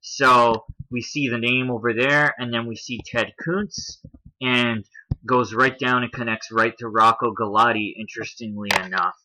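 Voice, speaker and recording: A man's voice: medium pitch, steady tone, normal speed, pushed and bright, rough recording. A man hosting a commentary video, talking through a list on screen in a casual explaining way, with a Canadian accent.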